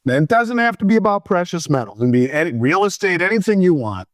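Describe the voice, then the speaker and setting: A man's voice: high-pitched, sing-song, fast talker, no room sound. Guy hosting an interview, asks long winding questions, dry close mic. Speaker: interview host. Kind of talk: conversational interview.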